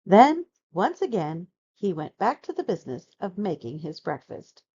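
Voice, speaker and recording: A woman reading a children's picture book aloud, narrating with expressive, dramatic storytelling. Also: on the low side, normal speed, slightly rough, highs cut off.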